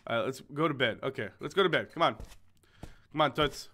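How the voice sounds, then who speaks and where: Bright-voiced young man playing a game. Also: fairly high pitch, lively intonation, brisk. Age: young adult. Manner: joking, rambling, swearing, frequent laughs and stammered restarts. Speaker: gaming video host. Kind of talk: let's play commentary, reading game text aloud.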